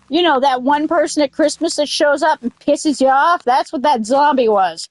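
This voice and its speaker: A gaming streamer chats casually while she plays, rambling and drifting into silly riffs, then swearing at the game in sudden angry outbursts. Her voice sits high and moves at a normal speed with hardly any pauses. The recording has no room sound.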